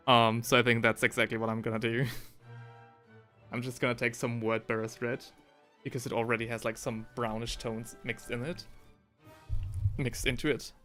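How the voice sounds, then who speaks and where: With a medium-pitched, fairly bright voice, a man hosts a relaxed live stream while painting miniatures. He wears headphones and talks into a desk mic, rambling, self-correcting, and reading chat messages aloud.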